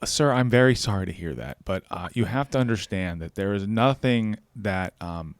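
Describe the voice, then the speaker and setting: A man's voice: lowish voice, no room sound, pitched below the performer's own voice. Man doing a weary, mock-serious call-center worker. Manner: mock-serious, slow, apologetic.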